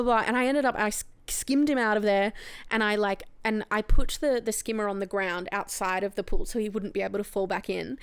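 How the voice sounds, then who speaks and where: A woman's voice: a little high, clear, resonant tone, no room sound. A young woman, co-hosting a book club podcast and telling a story with lots of laughter and acted-out quotes. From Australia. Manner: animated, laughs often, acts out quotes loudly. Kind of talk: casual chat, storytelling.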